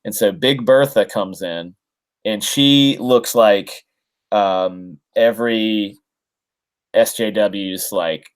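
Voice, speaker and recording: A smooth, fairly low male voice at a slow pace belongs to a co-host on a casual comics podcast. He recaps a story conversationally, rambling and restarting often, with many ums and fillers.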